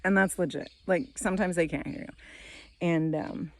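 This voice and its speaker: Chatty rambling woman with a lowish voice. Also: steady tone, normal speed, creaky, a little hiss or hum. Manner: chatty and rambling, laughs often, loses her train of thought. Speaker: vlogger and mother. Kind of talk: casual rambling vlog. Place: outdoors in her father's garden.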